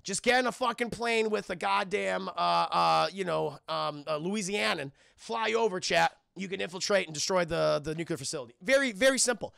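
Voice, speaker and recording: A sarcastic young man rambles through a spoiler film review for his live chat, swearing freely. His voice sits high and bright, with a heavy gravelly fry, and the sound is dry and close. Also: moderate pace, hardly any pauses, no room sound.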